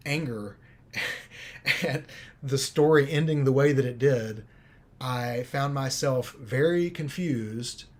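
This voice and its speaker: A man who directs films chats casually on a livestream, rambling through a story in an animated way and leaning on lots of filler words. He speaks at a medium pitch.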